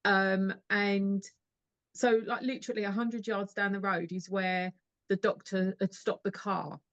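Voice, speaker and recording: A woman, a podcast guest, retelling film scenes in a long, rambling, animated way. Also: medium pitch, unhurried, lo-fi sound. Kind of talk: casual podcast chat.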